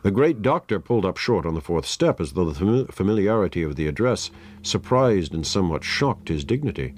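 A man reading a story aloud in a measured, dramatic manner. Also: low voice, sing-song, a little mellow, a little hiss or hum. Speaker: narrator. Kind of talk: scripted story narration.

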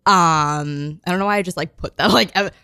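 A chatty woman hosts a radio program from the studio, her voice a touch low. She giggles often and fills her talk with little fillers. The sound is dry and close to the mic. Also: normal speed, pushed and bright, clear, resonant tone, dry recording. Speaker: radio show host. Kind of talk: casual radio chat.

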